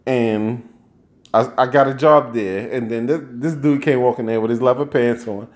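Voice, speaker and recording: A man's voice: medium pitch, steady tone, moderate pace. A man hosting a late-night livestream on a handheld microphone, telling rambling, profane stories and laughing often. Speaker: travel show host. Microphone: handheld microphone and headphones.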